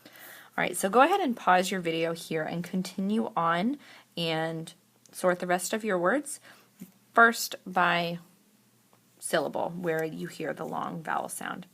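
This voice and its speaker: A woman teacher walks through a recorded spelling lesson, sounding out each word slowly and carefully. Her voice sits low and has a gravelly edge. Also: a bit bright. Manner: slow, deliberate word-by-word demonstration.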